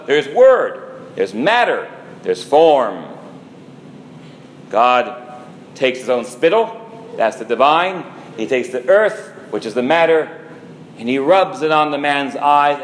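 A man preaching a sermon as a priest, slow and deliberate, building emphasis through rhetorical questions. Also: mid-range voice, a little hiss or hum. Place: church. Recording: echoey church with long reverb.

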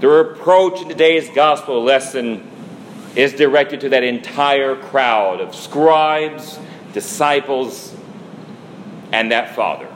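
A man preaching a sermon in a slow, measured delivery, as a priest addressing his congregation. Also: mid-range voice, slight background noise, rough recording. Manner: slow, measured preaching with dramatic quoted lines.

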